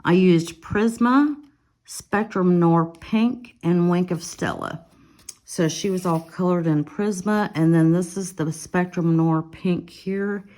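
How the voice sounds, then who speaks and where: A woman hosts a relaxed coloring vlog, chatting to viewers about each finished page. Her voice sits a little low, and she takes her time, listing supplies in an unhurried, easygoing way. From Alabama. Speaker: coloring vlogger. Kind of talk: casual show-and-tell narration.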